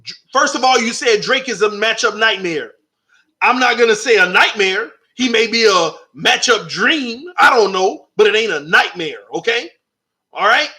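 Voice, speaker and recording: High bright voiced guy, hyped, riffing on football news and arguing with chat. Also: normal speed. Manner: animated, talks back to chat readers. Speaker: sports channel host. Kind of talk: live stream sports commentary.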